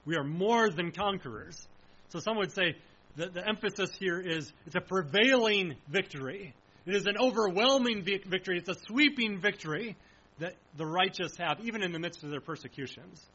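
A man preaching a sermon in an earnest, emphatic way, slowing down to stress key phrases. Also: high-pitched, bright, forceful tone, slightly rough, lo-fi sound.

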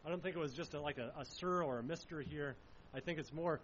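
A man's voice: fairly high pitch, quick pace, fairly bright tone, highs cut off, a little hiss or hum. A man preaching a sermon in an earnest way, asking rhetorical questions as he explains the passage. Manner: earnest, uses rhetorical questions, some restarts.

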